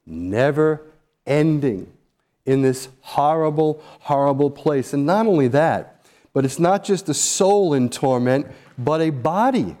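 A man's voice: medium pitch, mellow. A male pastor preaching a sermon in an earnest, emphatic way, repeating key phrases.

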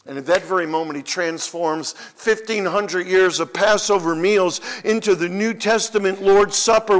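Male pastor, higher-pitched voice, emphatic sermon delivery with repetition. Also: a bit bright. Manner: emphatic preaching with repeated phrases.

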